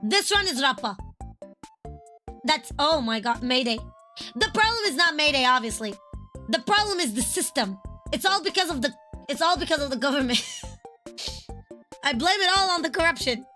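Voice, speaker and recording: A woman streamer chatting casually over gameplay, excitable and profane, laughing often. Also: sits high, normal speed, long pauses, faint music behind. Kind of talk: casual gaming stream chat.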